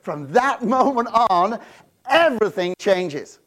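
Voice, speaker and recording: A man preaching a sermon, swinging between loud proclamations and quiet asides, often repeating and restarting words. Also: high voice, sing-song, takes it slowly. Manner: self-interrupting, repeats words. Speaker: pastor.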